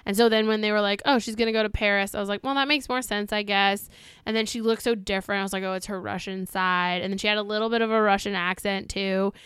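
A woman co-hosting a casual film chat, animated and swearing freely as she acts out scenes. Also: mid-range voice, quick pace, smooth, no room sound, clean studio sound. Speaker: podcast co-host.

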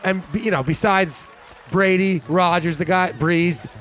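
A man's voice: sits high, fairly even intonation, a little slow, a bit bright, slight background noise. A man hosting a sports podcast, laughing often and giving an upbeat sign-off. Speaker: podcast host. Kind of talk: casual podcast chat.

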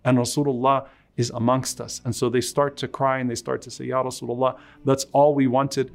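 A man giving a sermon, retelling a story with quoted speech, reciting lines of Arabic quickly and then translating them slowly and with emphasis. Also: flat delivery, creaky. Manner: retells a story with quoted speech, rising in pitch at emotional peaks. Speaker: preacher.

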